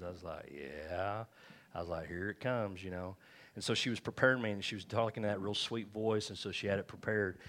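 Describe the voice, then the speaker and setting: A man's voice: sits low, a little fast, fairly bright tone. A man preaching a sermon as pastor, folksy and joking, calling on the congregation for amens. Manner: calls for amens from the crowd.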